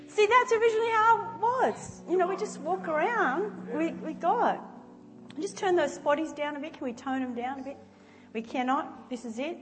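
A woman's voice: extremely high pitch, fairly quick, music in the background. A woman preaching a conversational sermon, acting out little scenes as she talks. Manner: conversational, animated, acts out scenes. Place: church hall. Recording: reverberant hall.

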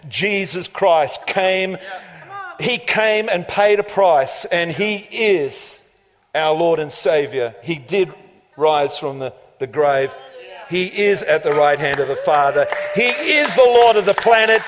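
Pastor guy preaching, jokey and fired up, high voice bouncing around a big church hall. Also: takes it slowly, slight background noise. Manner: animated, joking, laughs often, builds to shouted climaxes. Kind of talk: lively sermon. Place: church auditorium. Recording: long reverb of a large hall.

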